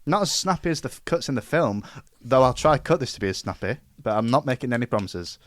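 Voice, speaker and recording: A man's voice: medium pitch, animated, fast talker, no echo, clean studio sound. A man co-hosting a podcast, talking through films in an easygoing, casual way and laughing often. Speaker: podcast co-host. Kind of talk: casual film chat.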